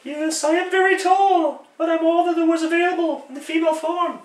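A man voicing a towering female ghost of the past in a lofty, drawn-out falsetto, in a one-man comedic radio play. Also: steady tone, a little hiss or hum. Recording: roomy echo, distant mic.

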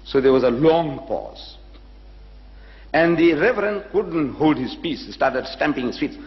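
An older man from South Africa giving a public lecture, telling a story and acting out both sides of a dialogue with long pauses. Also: a little high, expressive. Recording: echoey hall, dull lo-fi recording.

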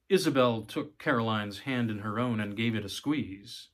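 A man reads a short story aloud in audiobook style, his lowish, somewhat bright voice moving unhurriedly with few pauses. He stumbles slightly now and then and gives the characters' lines a livelier delivery.

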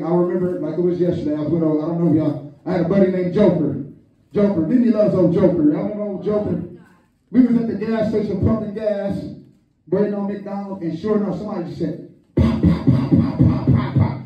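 A male pastor preaching a lively storytelling sermon, calling on the congregation and acting out quotes. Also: high-pitched. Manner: animated, calls on the congregation, acts out quotes. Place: church hall, echoey. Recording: echoey church hall from far off, muffled.

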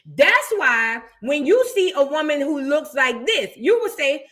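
A woman's voice: high-pitched, big pitch swings, unhurried, few pauses, a bit bright. A young adult woman hosting a celebrity gossip commentary stream, talking in a brash, profane, mocking way. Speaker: host reacting to celebrity news. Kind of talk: unscripted livestream commentary.

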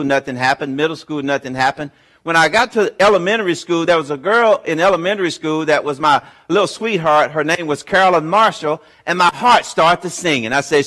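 A man in his fifties giving a chapel talk, telling a funny personal story with lively acted-out dialogue. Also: on the high side, normal speed. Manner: humorous, animated storyteller who acts out dialogue. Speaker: guest chapel speaker. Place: university chapel.

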